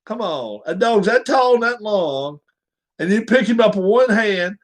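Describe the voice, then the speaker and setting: A man's voice: high-pitched, expressive, a little slow, slight background noise. A man hosting a casual livestream, blunt, joking and profane. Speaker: livestream host.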